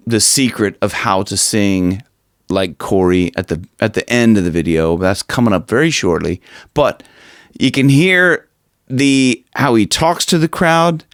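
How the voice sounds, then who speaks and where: A man's voice: mid-range voice, clean tone, dry recording, studio quality. A man giving a casual singing lesson, rambling with restarts and now and then demonstrating screamed lines. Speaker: vocal coach.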